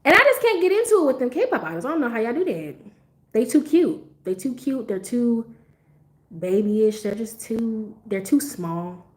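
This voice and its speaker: Young woman, stream host, casual and profane; slightly high voice with a very lively, bouncing delivery, quick to laugh. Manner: animated, blunt and profane, laughs often. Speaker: livestream host. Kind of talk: casual livestream chat.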